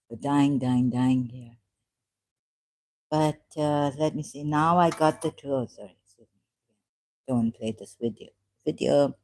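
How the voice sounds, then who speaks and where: A woman hosting her channel, talking in a rambling, halting way, often laughing at her own remarks into a USB desk mic. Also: extremely low pitch, fairly even intonation, a little mellow, no room sound. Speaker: channel host. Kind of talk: rambling casual livestream talk.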